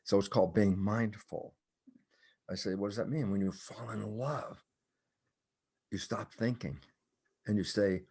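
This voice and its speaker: An older man, a cell biologist guest on a podcast, explaining his ideas in an animated storytelling way and acting out both sides of his imagined dialogues. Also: normal speed, creaky, breathy edge. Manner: animated storytelling, acts out his own dialogue with sudden high bursts. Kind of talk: conversational explanation in a podcast interview.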